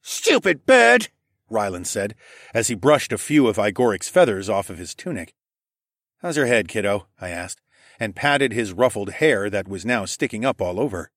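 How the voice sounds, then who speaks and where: A man reading an audiobook in first person, with expressive storytelling. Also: on the low side, moderate pace, no echo, studio quality. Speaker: audiobook narrator.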